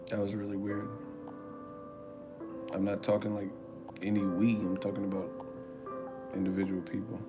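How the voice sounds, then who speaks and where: Man, casual live-stream host, animated storyteller, swearing, faint music behind. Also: fairly low pitch, a little slow, long pauses. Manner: animated storytelling, swearing, loud put-on voices.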